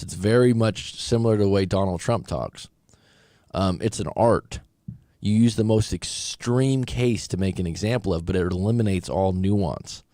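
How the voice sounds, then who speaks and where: A man, a relationship coach, giving casual commentary on clips, animated and chatty with quoted asides. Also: lowish voice, no echo, clean studio sound.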